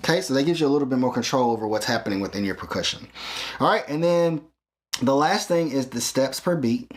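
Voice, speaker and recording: A man's voice: mid-range voice, expressive, quick pace, soft background music. Man, synth tutorial host, patient step-by-step explaining, keeps checking in, drum sounds playing behind. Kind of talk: hands-on equipment tutorial.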